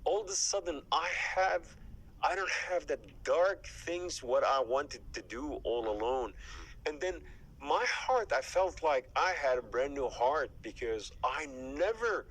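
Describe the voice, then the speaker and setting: A man giving an emotional faith testimony as an interview guest, fervent, with his voice climbing high at its peaks and dropping to a whisper at times. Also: fairly bright tone, poor audio. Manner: drops to a breathy whisper at times.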